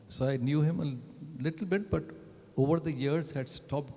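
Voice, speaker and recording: A man tells stories in a relaxed, chatty way, checking in with "right?" between thoughts. His voice sits a little high for a man. The sound carries the long reverb of a big event hall. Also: moderate pace. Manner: chatty, tags sentences with "right?". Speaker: panel guest. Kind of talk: anecdotal storytelling.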